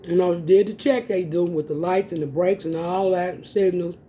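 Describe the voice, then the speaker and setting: A woman vlogger, casually telling viewers a personal story, animated and laughing often. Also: on the low side, normal speed, a little hiss or hum. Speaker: mukbang vlogger. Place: home, eating on camera.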